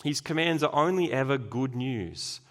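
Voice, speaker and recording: A man's voice: mid-range voice, normal speed. Emphatic male pastor preaching. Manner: lively, emphatic preaching with sudden loud bursts. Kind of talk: sermon.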